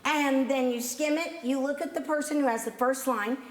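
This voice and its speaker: A woman coaching an acting workshop, brisk, bubbly and directive. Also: high voice, fairly even intonation. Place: theatre workshop room. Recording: echoey room with faint noise.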